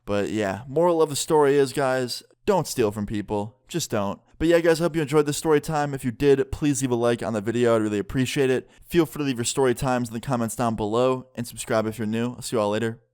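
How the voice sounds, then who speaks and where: A man's voice: medium pitch, fast, few pauses, a little mellow, smooth. A young man casually telling a personal story in a storytime vlog, full of "like" and quoted dialogue. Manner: casual, filler-heavy retelling with "like". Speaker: vlogger.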